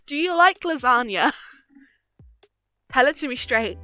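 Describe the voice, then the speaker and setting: Young female streamer, bright and animated, giggly and foul-mouthed, desk-mic home setup. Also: a little high, moderate pace, long pauses, faint music behind. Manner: giggly, swears freely, chats with viewers. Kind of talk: casual live-stream chat.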